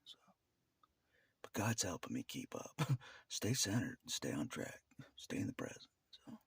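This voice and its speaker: A man talking casually to the camera in a rambling way, laughing often between phrases, in a gravelly, husky half-whisper. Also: low-pitched, sing-song, unhurried, no echo. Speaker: vlogger.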